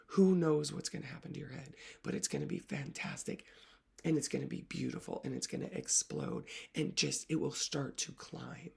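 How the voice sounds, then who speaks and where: A woman literacy coach talks straight to her viewers in an earnest, emotional way. Her voice carries a strong gravelly fry, and she often lets her words fall away into a breathy near-whisper. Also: extremely low pitch, sing-song, moderate pace. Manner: soft-spoken, often dropping to a whisper. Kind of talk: reflective talk to camera.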